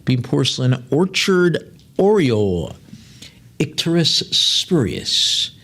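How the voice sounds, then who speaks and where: A man working as an auctioneer, rattling off bids quickly and breaking into chatty, joking descriptions of each lot. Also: mid-range voice, sing-song, creaky, a bit bright, slightly rough. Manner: rapid bid calling mixed with chatty, joking asides. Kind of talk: live auction calling with item descriptions.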